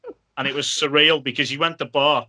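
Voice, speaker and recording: A man spins casual anecdotes as a podcast guest. His voice is very bright and a little high for a man. He tells his stories with animation, acting out other people's lines. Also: fairly even intonation, fast. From Liverpool, England.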